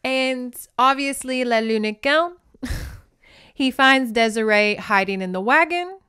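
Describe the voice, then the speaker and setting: A woman's voice: high voice, takes it slowly, sharp tone, smooth, dry recording, clean studio sound. A woman podcast host recapping a novel in a chatty, giggly, playful way. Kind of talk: casual chat, recapping a novel.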